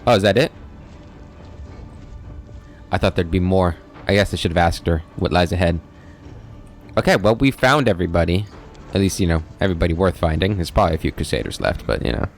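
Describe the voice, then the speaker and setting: Low-voiced male let's play host, musing through a game over soft music. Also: expressive, a little fast, gravelly, pauses often. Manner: thinks aloud, reads game text. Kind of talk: gameplay commentary.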